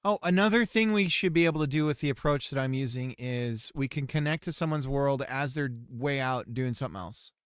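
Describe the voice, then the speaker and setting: A man's voice: mid-range voice, fairly quick, hardly any pauses, smooth, no echo, clean studio sound. A man streaming his game development work, thinking aloud in a playful way and muttering and repeating phrases to himself as he works.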